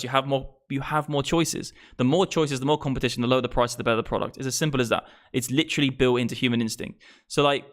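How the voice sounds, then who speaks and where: An English crypto streamer of about thirty, with a medium-pitched, slightly bright voice, rants on a live stream. He's exasperated and profane as he talks about money and prices.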